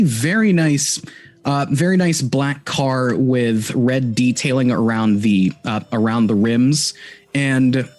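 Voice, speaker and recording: A man's voice: mid-range voice, darkish tone. A man narrating as game master of a tabletop game, rambling with many restarts and fillers.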